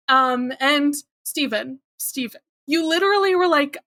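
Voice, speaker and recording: A woman's voice: sits high, expressive, normal speed, pushed and bright, dry recording, clean studio sound. A woman co-hosting a podcast, recapping a cartoon episode in casual chat with a wry, blunt manner and casual swearing. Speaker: podcast co-host.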